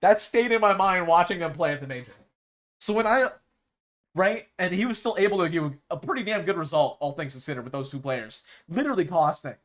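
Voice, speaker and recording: A man's voice: sits high, animated, brisk. A young man streaming, chatting casually and rambling about esports rosters, restarting his sentences often.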